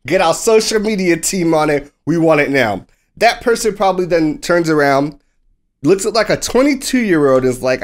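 A man co-hosting a sports podcast in casual chat, telling the story with animated delivery and acting out what people said. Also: on the high side, normal speed. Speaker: podcast co-host.

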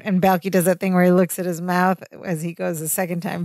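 A woman's voice: on the low side, little pitch movement, a little fast, few pauses, darkish tone, dry recording, studio quality. A woman co-hosting a podcast, casually retelling an episode and quoting its characters. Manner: chatty, quotes characters, lots of "like". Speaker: podcast co-host. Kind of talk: casual recap chat.

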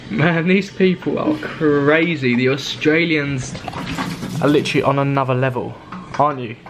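A man's voice: mid-range voice, sing-song, takes it slowly, pauses often, background noise. A young man from England, vlogging and chatting casually and teasingly with friends. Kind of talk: casual travel vlog chat.

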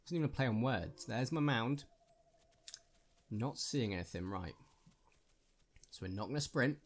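A man giving casual gameplay commentary in a chatty, joking way. His voice rises and falls a lot as he talks himself through each move, and his pitch sits in a middle range. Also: animated, normal speed. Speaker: gaming channel host.

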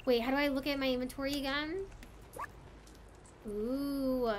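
A woman streaming live gameplay, excitable, gasping often and swearing in delight as she plays. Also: sits high, measured pace, pauses often, very noisy. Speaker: gaming streamer. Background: game music.

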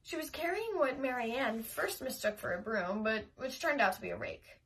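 A woman reading a children's chapter book aloud in a lively, expressive way. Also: a little high, moderate pace. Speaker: audiobook reader. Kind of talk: storybook read-aloud.

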